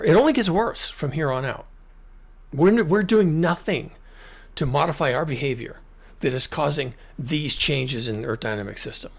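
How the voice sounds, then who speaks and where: A man's voice: fairly high pitch, creaky, slightly rough. A middle-aged man from the United States hosting his own commentary, talking emphatically and repeating himself with frequent restarts. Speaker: climate commentary channel host. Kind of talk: solo screen-share commentary.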